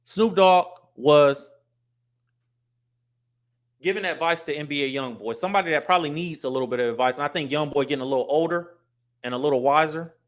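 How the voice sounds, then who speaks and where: A man's voice: a little high, a little fast, pauses often. A middle-aged American man hosting his own show, talking casually to camera and acting out voices to make his points. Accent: US English. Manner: animated, acts out street and business voices. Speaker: host.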